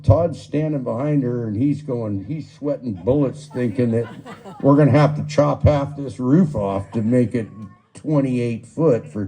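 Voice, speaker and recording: A man's voice: mid-range voice, warm tone. An older man giving a folksy, rambling eulogy for a friend, telling stories and swearing casually. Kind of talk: storytelling at a memorial. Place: memorial gathering.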